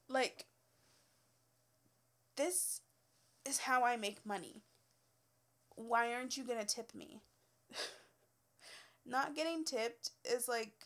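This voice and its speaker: A woman's voice: a little high, a bit bright. A young woman who is a former hairstylist, telling work stories in a casual, blunt, swearing rant and laughing often.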